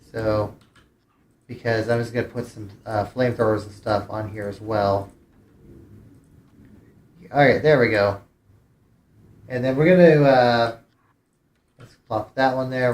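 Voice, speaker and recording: A man's voice: lowish voice, reverberant. A man streamer giving casual gameplay commentary, thinking aloud with hesitant restarts. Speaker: game streamer.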